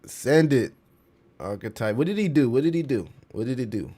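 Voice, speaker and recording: A man running a casual livestream, talking in a loose slangy way and dropping curses as he answers his chat. His pitch swings widely, from low mutters to sudden high bursts. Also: moderate pace. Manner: animated, slangy, swears, reads chat aloud. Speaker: crypto livestream host.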